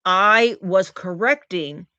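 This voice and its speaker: A woman chatting on a live stream and thanking viewers for gifts. She is recovering from oral surgery and tells her story in an animated way, acting out the quotes. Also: fairly low pitch, slow pace, dry recording, lo-fi sound. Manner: animated storyteller, acts out quotes in big voices. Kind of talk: casual live-stream chat.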